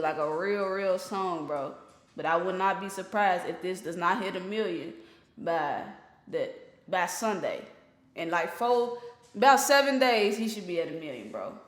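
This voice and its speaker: A man's voice: sits high, lively intonation, moderate pace, a bit bright. Slangy man reacting in an echoey room. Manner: slangy, blunt, swears freely, talks straight to viewers. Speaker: reaction video host. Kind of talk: casual reaction commentary. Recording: roomy echo.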